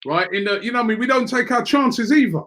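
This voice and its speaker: A man hosting a live football fan show, calmly prompting his guest and reading out viewer comments. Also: extremely high pitch, fast talker. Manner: reads viewer comments aloud, calm interjections. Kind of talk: live-stream football chat.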